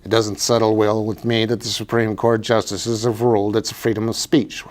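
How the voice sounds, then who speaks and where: A man's voice: lowish voice, little pitch movement, moderate pace. A man giving an emphatic, preachy political commentary monologue as a write-in candidate, repeating phrases for effect. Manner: emphatic, repetitive, preachy delivery.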